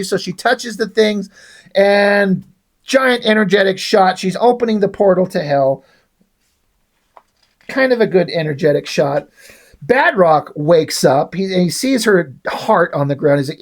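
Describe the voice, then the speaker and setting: A man's voice: high voice, expressive, measured pace. A man casually reviewing a comic book, rambling, blunt and swearing freely.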